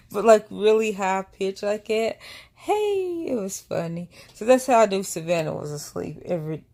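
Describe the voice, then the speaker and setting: A woman's voice: lowish voice, creaky, a little mellow. A woman vlogger, telling a family story in a casual, rambling way with many asides. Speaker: vlogger and mother.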